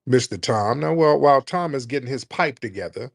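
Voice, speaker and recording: A man's voice: mid-range voice, animated, a little fast, creaky, no room sound, clean studio sound. A man hosting a call-in stream, confronting and mocking a caller in a heated argument. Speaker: stream host.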